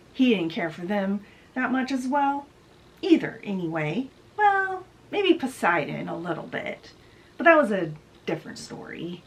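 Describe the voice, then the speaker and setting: A woman's voice: medium pitch, low-quality recording. A woman hosting a book video, chatty and digressive as she retells a story in a casual summary.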